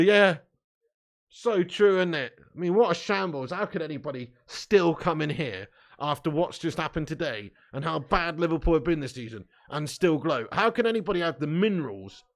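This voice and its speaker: High-voiced football streamer bantering. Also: male voice, lively intonation, moderate pace. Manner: banter-heavy, mocking rival fans, swearing, laughing. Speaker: football watch-along streamer. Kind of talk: live stream chat, reading comments.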